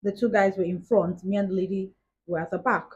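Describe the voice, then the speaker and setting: Husky woman vlogging, lo-fi. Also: medium pitch, steady tone, fairly quick, a little mellow. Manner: chatty, retells events with many "like" asides. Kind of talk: casual storytelling to camera. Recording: dull lo-fi recording.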